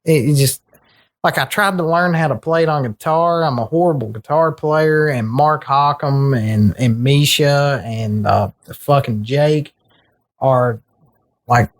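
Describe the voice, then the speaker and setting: A man's voice: a little high, a little slow. A young man co-hosting a podcast, telling a long story in casual chat and swearing freely while quoting other people. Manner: profane, storytelling, animated quoting. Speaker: podcast co-host.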